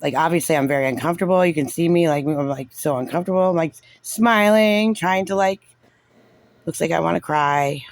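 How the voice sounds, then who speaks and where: A man's voice: a little high, vocal fry, dry recording. A man giving casual, sarcastic and frustrated reaction commentary on a recorded meeting, saying "like" constantly. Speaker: parent reviewing a recorded meeting.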